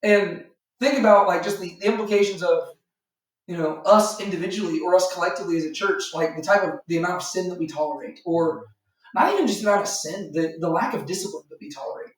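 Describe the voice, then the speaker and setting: Fast and high-voiced, this man gives informal Bible teaching to a small group. His delivery rambles, leans on fillers, and includes voices he acts out for imagined characters. It was recorded in an echoing room, well away from the microphone.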